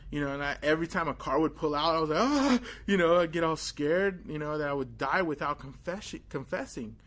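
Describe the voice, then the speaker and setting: A young man gives a loose, conversational sermon with a somewhat raised voice. He is animated, full of fillers, and acts out moments of his story with sudden exclamations. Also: on the high side, fast talker. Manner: casual and animated, many fillers, tells story with acted exclamations. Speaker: preacher. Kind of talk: informal sermon with personal story.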